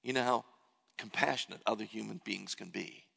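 A man's voice: on the low side, fairly quick, gravelly, sharp tone, husky. A man preaching a sermon, earnestly reading and paraphrasing scripture in the first person. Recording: long hall reverb.

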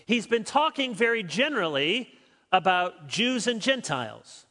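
A man preaching an expository sermon as a pastor. He talks emphatically, switches between quick stretches and slow, stressed words, and turns to his listeners with dry asides. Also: high voice, big pitch swings, pushed and bright. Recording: long reverb of a large hall.

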